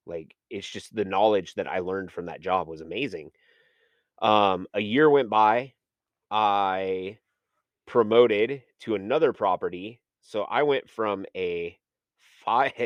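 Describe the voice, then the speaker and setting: A man with a fairly low voice tells his story in a loose, rambling way. He fills the gaps with "like" and "um" and acts out the conversations he once had. The sound is dry and close, with no room echo. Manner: rambling, full of "like" and "um", acts out his own past dialogue. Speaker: podcast guest. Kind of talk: casual storytelling.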